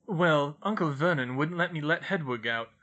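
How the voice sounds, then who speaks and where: A man's voice: fairly high pitch, animated, normal speed, sharp tone, lo-fi sound, voice pushed up. A man reading a story voices an earnest, downcast young schoolboy.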